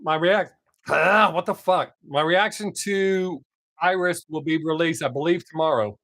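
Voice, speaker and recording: A man's voice: fairly high pitch, a little slow, fairly bright tone, dry recording, clean studio sound. A man hosting his own live stream, chatting casually with viewers, reading their comments and swearing freely. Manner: profane, laid-back, talks to chat viewers by name.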